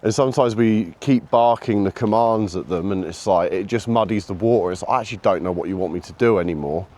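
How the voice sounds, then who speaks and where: A man talking casually while he walks his dog outdoors, calling out to it in a high sing-song voice between remarks on training, recorded on a camera he carries. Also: fairly quick, darkish tone. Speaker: dog owner and trainer filming a walk. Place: outdoors on a countryside walk. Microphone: camera carried while walking.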